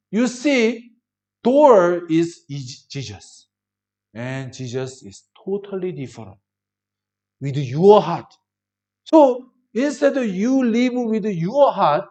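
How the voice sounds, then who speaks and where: A male preacher giving a sermon in broken English. He often asks the congregation rhetorical questions and swings between loud emphasis and soft drops. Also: high-pitched.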